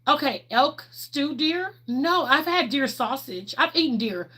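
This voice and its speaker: A woman's voice: high voice, expressive, a little slow, sharp tone. A middle-aged woman, chatting candidly on a livestream and answering viewers' questions, laughing often. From Texas, USA. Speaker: livestream host.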